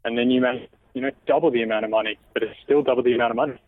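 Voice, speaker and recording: Male caller from Australia, easygoing and friendly, speaking quickly over a tinny phone line. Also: mid-range voice, fairly even intonation, no echo. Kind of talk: casual call-in chat.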